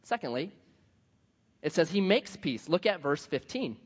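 A man preaching a sermon, telling a story in a lively way and acting out the voices of the people in it. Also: a little high, measured pace, slightly rough. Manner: animated storytelling, acts out quoted voices. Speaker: pastor. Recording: dull sound with long hall reverb.

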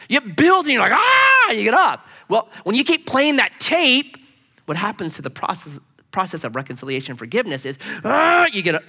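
Animated male preacher in a reverberant hall. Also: sits high. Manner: animated, acts out quoted speech, casual slangy asides. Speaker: pastor. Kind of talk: sermon. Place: church sanctuary. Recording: long reverb of a church hall.

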